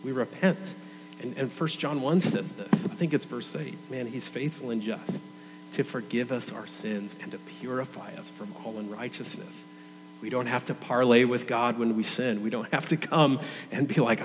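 A man's voice: mid-range voice, fairly even intonation, normal speed, slight background noise. Earnest man preaching in a reverberant hall. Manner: conversational, earnest, casual fillers like "man". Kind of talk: sermon.

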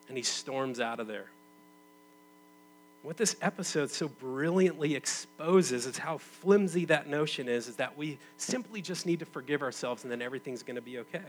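A man in his thirties preaching in a relaxed, conversational way, with a voice sitting a bit high for a man. He leans hard into some phrases, then drops low and quiet to draw listeners in. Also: moderate pace, rough recording. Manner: conversational, swings from loud emphatic bursts to quiet intimate tones. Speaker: pastor. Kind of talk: sermon.

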